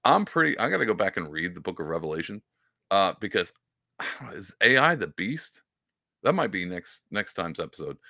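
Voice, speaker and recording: Animated man commenting on a clip. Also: deep voice, normal speed, vocal fry, dry recording, studio quality. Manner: animated, mocking impressions, lots of fillers. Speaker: podcast host. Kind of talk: casual commentary.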